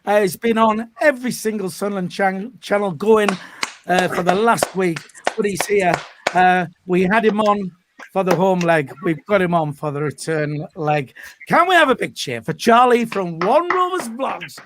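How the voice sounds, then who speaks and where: A man hosting a live football fan stream, upbeat and chatty, often pausing mid-sentence. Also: high-pitched, noisy background. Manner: upbeat, chatty presenting with frequent hesitations. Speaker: host.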